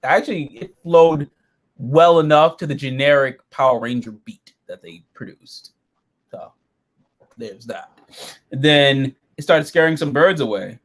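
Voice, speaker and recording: A man's voice: fairly high pitch, unhurried. A man hosting a casual review chat, rambling and swearing freely as he talks through an episode. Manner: animated, profane, rambling. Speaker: show host reviewing episodes.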